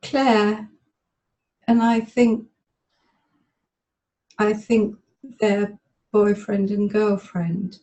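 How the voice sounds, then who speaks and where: A woman volunteering in a therapy demonstration, tearfully recalling a memory aloud in the present tense with halting, stop-start phrasing over webinar call audio. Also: mid-range voice, flat delivery, warm tone, poor audio. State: tearful, emotional.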